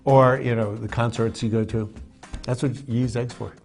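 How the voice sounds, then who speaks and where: Rambling, halting man hosting a talk show. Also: mid-range voice, fairly even intonation, creaky, darkish tone, faint music behind. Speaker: show host. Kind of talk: casual chat.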